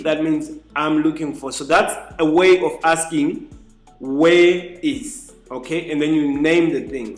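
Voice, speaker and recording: Chatty man teaching phrases in an echoey room. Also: on the high side. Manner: repeats phrases slowly for the learner, chatty asides. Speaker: language teacher. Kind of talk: casual spoken lesson. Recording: echoey room with faint music.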